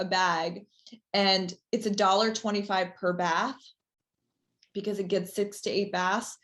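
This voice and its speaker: A woman with a mid-pitched voice, talking as a founder in a relaxed interview. She rambles easily with lots of fillers and builds into an upbeat, persuasive pitch. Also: slow pace, long pauses. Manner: chatty, many fillers, enthusiastic pitch. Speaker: company founder, interview guest. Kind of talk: casual interview conversation.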